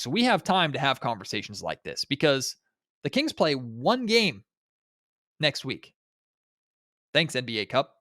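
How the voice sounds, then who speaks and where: A man's voice: mid-range voice, a bit bright, no echo, clean studio sound. A man with a nasal, stuffed-up voice from a cold, hosting a solo sports podcast in a chatty way, thinking aloud and asking listeners rhetorical questions. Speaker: podcast host.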